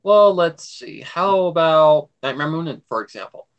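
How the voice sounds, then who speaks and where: A man's voice: on the high side, animated, a little slow, muffled recording. A man hosting a casual livestream, rambling with enthusiasm about a cartoon as a devoted fan.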